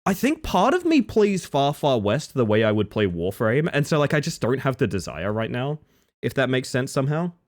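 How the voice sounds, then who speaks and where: A man live-streaming, chatting casually with viewers, reading their messages and answering them by name, jumping from excited high yelps to low mutters. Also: normal speed. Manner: reads chat aloud and answers viewers by name.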